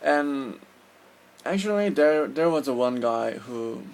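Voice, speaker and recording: A Korean man with a Korean accent talks through his opinions in an unhurried, deliberate way. He sounds earnest and sure of his views, pausing and restarting as he hunts for the right words. His voice sits at an ordinary middle pitch for a man. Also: animated, gravelly, a little mellow. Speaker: vlogger. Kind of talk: casual opinion monologue.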